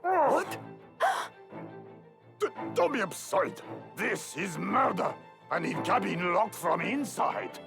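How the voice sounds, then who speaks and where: A man's voice: high voice, big pitch swings, takes it slowly, gravelly, long pauses, exaggerated voice. An actor playing a startled, indignant young man in a game, stammering in shock, spoken over game music.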